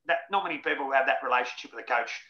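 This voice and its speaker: A blokey man in his forties yarns frankly and jokily as an interview guest, his voice bright and forceful. The audio sounds roomy and a little dull. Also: medium pitch, racing. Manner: blokey, frank and jokey, laughs through anecdotes. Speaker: interview guest, former rugby league player. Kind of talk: casual storytelling interview.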